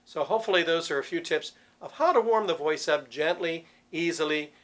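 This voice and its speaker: Male vocal coach, fairly high speaking voice, patient explanatory teaching. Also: fairly quick, fairly bright tone. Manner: patient, explanatory, demonstrates vowel sounds on scales. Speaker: vocal coach for church cantors. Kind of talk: instructional talk with sung demonstrations.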